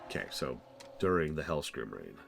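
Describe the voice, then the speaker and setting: A man's voice: extremely low pitch, big pitch swings, moderate pace, gravelly, music in the background. A man streaming a game review while sick, talking carefully and wryly. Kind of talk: casual stream commentary.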